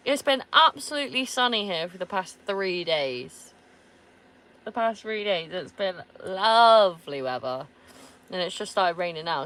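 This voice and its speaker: Casual van-life vlogger, woman, deep register, easygoing, laughs and swears freely. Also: a bit bright. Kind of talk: casual chat answering viewers. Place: inside a camper van.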